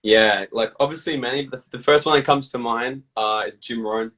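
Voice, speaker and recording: Male guest, blunt and profane, animated storyteller, husky voice, distant mic. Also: medium pitch, moderate pace. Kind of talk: casual interview chat.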